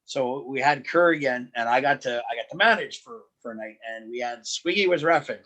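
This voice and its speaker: A man guest on a podcast, telling road stories in a lively, animated way, often restarting his sentences. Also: mid-range voice, brisk. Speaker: wrestling promoter and guest. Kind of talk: casual podcast storytelling.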